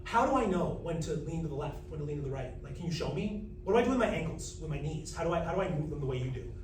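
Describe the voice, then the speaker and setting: A man's voice: a little high, animated, racing, darkish tone, slight background noise, close to an everyday voice. Man voicing a curious little kid student, earnest questions, distant and roomy. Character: young child student asking for help. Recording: roomy, distant mic with music.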